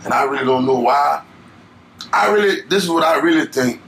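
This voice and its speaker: A man's voice: a little high, expressive, a little fast, gravelly, a bit bright, rough recording. A young man from Louisiana with a Louisiana accent, a guest chatting casually in a laid-back, rambling way full of fillers. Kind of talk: casual interview chat.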